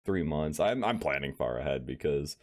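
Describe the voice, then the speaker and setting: A man's voice: a bass voice, lively intonation, normal speed. A man co-hosting a podcast in casual chat, an aspiring voice actor who laughs often and trails off mid-sentence.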